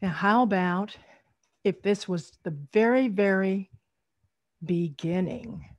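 A woman presenting an online storytelling workshop for young tellers, speaking in an animated, teacherly way over a video call. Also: medium pitch, dry recording, dull audio. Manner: animated, teacherly, drawn-out emphasis.

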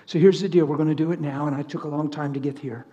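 A man preaching a sermon full of stories, animated, swinging from loud laughter to near whispers. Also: on the high side, fast talker, long reverb tail, muffled recording, a little hiss or hum. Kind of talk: sermon with storytelling.

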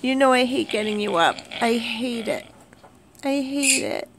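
A woman at home in the morning, talking unhurriedly to her pets and her viewers, cooing to the animals in a soft, doting voice. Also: on the high side, unhurried, noisy background. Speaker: pet owner vlogger. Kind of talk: casual talk to pets and viewers. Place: at home indoors, early morning.

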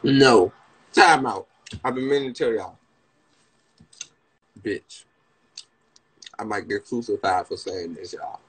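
Slow and husky, with long pauses, the young DC-accented man rambles to his phone livestream audience. He still swears and gets excitable, jumping into high, yelped quotes.

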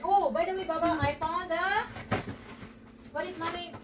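A woman's voice: very high voice, steady tone, normal speed, background noise. A woman talking her daughter through baking pies in a home kitchen, chatty and coaxing. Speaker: home cook and mother. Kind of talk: casual cooking vlog.

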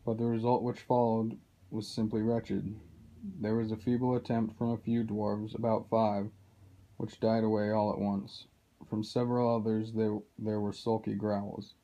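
A man reads a children's novel aloud at a steady, unhurried pace. His voice is low and very dark, with little movement in pitch. The recording is dull and muffled, like a cheap home setup. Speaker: reader.

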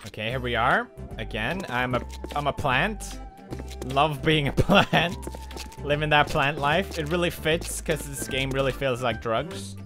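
A man giving excitable let's play commentary over a video game, laughing a lot and breaking into shouts. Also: mid-range voice, unhurried, music in the background. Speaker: gaming commentator.

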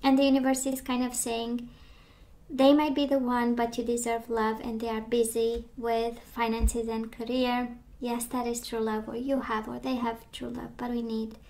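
A woman's voice: a little high, little pitch movement, moderate pace. Woman losing her voice reading tarot. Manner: gentle, reassuring, with frequent fillers. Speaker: tarot reader.

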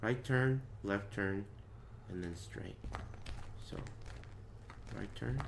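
A man's voice: lowish voice, takes it slowly, vocal fry, slight background noise. A man playing a horror game, muttering directions to himself and swearing when something startles him. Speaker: gaming streamer. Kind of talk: let's play commentary.

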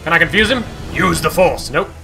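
A man hosting a gaming channel, giving excitable let's-play commentary, swearing and talking back to the game. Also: a little high, brisk, gravelly. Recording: voice over loud game music.

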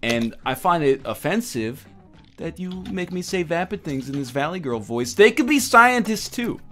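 A man voicing a vapid, airheaded young Valley girl with drawn-out vowels while playing a party game. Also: fairly high pitch, very animated, a bit bright, faint music behind. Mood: mock vapid.

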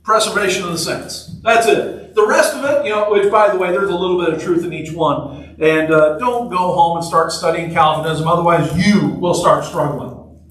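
A man with a somewhat bright, high-pitched voice preaches at a moderate pace. He's a pastor in a church sanctuary, keeping things light and conversational while repeating brief phrases for emphasis, and the sound is distant and echoey.

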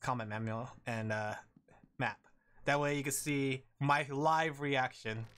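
A man's voice: medium pitch, measured pace, fairly bright tone, smooth. A man streaming a game, chatting casually with his viewers and laughing often as he plays. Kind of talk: casual gaming commentary.

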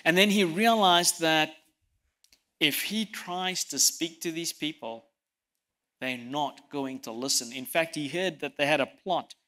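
A man preaching a sermon, telling stories and swinging from loud emphasis to soft, quiet lines, sometimes repeating words as he presses a point. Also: fairly high pitch, measured pace. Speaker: pastor.

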